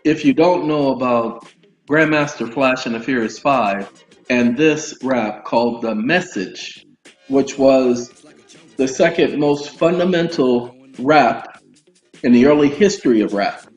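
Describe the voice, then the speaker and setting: A man casually reading legal documents aloud and explaining them to his viewers, with lively asides and frequent check-ins. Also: mid-range voice, measured pace. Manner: animated, addresses listeners as y'all, breaks off into asides. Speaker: legal commentary host. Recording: roomy, dull sound with faint music.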